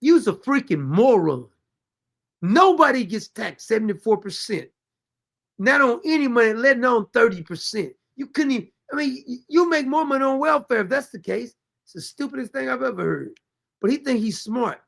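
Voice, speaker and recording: A high-pitched man with a gravelly rasp hosts a reaction commentary. He mocks and rants at the clips he plays in an exasperated, sarcastic way. He also reads viewer comments aloud. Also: very animated, normal speed, fairly bright tone. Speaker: commentary show host.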